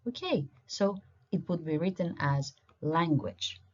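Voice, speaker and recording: A woman's voice: deep voice, animated, unhurried. A woman teaching a recorded online language lesson, explaining patiently step by step while pointing at slides. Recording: dull lo-fi recording.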